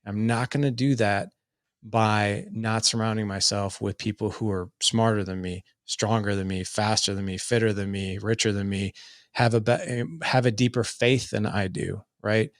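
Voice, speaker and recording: In a dry, studio-quality interview, a middle-aged man shares his story earnestly and loosely, full of "like" fillers. He speaks at a normal speed in a fairly low voice with fairly even intonation.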